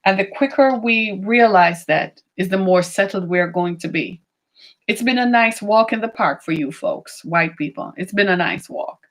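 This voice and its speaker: A woman giving opinionated commentary, emphatic, asking rhetorical questions and slowing down on key points. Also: medium pitch, a bit bright. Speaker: political commentator.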